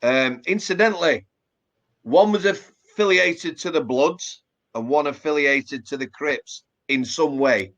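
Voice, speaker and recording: Unhurried and a little high, with a bit of brightness, a former prison officer from Yorkshire, England, chats on a muffled recording. His casual interview talk is plain Yorkshire English, full of fillers and restarts.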